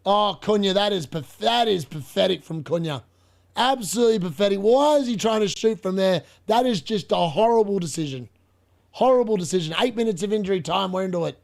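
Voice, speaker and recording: An excitable young man with a voice that sits high commentates live on a football match for his fantasy football stream, laughing often and addressing his chat.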